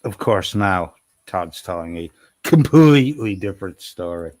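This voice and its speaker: A man's voice: low-pitched, expressive, a little slow, darkish tone, no echo. Dry, mocking male commentator. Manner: mocking, sarcastic. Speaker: commentary streamer. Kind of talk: reaction commentary.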